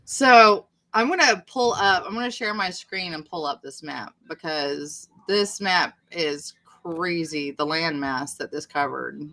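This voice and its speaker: A woman's voice: low voice, animated, measured pace, few pauses, pushed and bright. A woman chatting casually on a livestream, rambling and poking fun at herself. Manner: rambling, chatty, self-deprecating. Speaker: livestream host.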